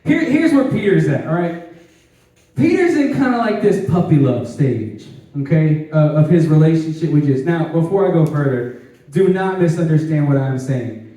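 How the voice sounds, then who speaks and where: A man preaching a lively youth sermon, animated and conversational, with tag questions and laughing asides. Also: fairly high pitch, normal speed. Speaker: youth pastor. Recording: echoey hall, distant mic.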